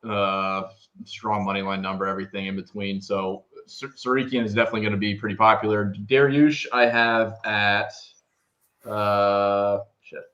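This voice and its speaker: Low-voiced halting man, lo-fi. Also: fairly bright tone. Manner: halting, hesitant with fillers. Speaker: analyst. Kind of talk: casual betting analysis.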